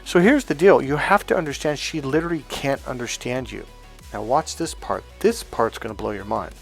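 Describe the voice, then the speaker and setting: A man's voice: mid-range voice, animated, moderate pace, vocal fry, soft background music. A man coaching other men on dating in a blunt, profane, casual monologue, acting out quotes as he goes.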